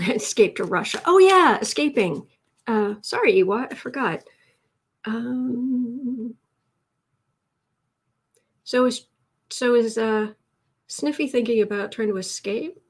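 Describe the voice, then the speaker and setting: Woman, live-stream tarot host, emotional and chatty, slightly high voice. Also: lively intonation, takes it slowly, long pauses, breathy edge. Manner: emotional and chatty, many restarts. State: teary with emotion. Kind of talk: live stream chat reading viewer comments.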